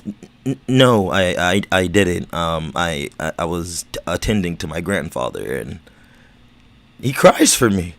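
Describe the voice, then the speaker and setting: Low-ish voiced guy slurring a bit, stammers and repeats himself, just rambling on stream. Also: lively intonation, normal speed, vocal fry, a bit bright. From United States. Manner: stammering, repeats words, swears casually. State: slurring speech. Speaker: livestream host. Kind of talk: rambling casual chat.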